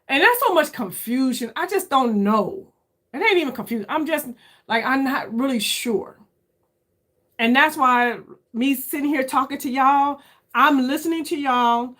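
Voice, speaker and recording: A beauty creator in her fifties chats casually and candidly with her viewers, sounding searching as she often calls them "y'all" and lifts her pitch for emphasis. Her intonation is lively, her pace unhurried, and her tone fairly bright.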